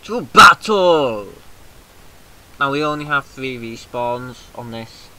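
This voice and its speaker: A British man giving casual, excitable let's-play commentary, swearing freely and shouting rallying cries, with a slightly mucousy throat. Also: mid-range voice, normal speed, clean tone, rough recording. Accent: British English. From Britain. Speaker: gaming video host.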